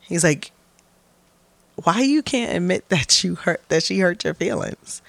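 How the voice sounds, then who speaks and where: A woman's voice: fairly low pitch, a little slow, creaky, dry recording. A young woman guest in an interview, speaking candidly and bluntly with profanity, acting out quotes as she tells her stories. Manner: blunt, profane, animated storytelling with acted-out quotes.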